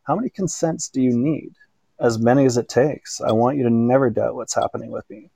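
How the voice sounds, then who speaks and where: A man voicing a short, gentle woman who speaks softly and often in whispers in an erotic audiobook story. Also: mid-range voice, brisk, creaky, no echo. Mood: earnest.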